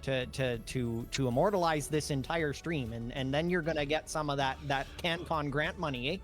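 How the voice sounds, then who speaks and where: A man's voice: a little high, moderate pace, faint music behind. A man chatting as a guest in casual comedy, playful and hammy, and ending lines with "eh.".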